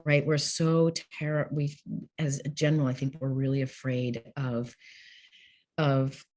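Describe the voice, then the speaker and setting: A woman's voice: a bass voice, level tone, measured pace, darkish tone. A woman guest on an interview podcast, speaking candidly, laughing often and acting out what people say. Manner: candid, laughs often, acts out quoted speech. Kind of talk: conversational interview.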